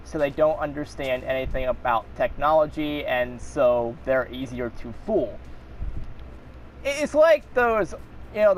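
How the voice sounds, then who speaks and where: A man's voice: a little high, a little hiss or hum. A man ranting in an exasperated, rambling and profane way as a channel host. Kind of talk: angry rant.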